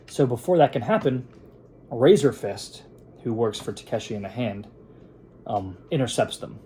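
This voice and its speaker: Young guy recapping a movie at his desk, rambly, lots of ums, mellow kinda dark voice, bit of hiss. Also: medium pitch, normal speed. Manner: rambling, with frequent fillers and restarts into quoted voices. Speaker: film reviewer. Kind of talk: casual plot recap and review. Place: at his editing table.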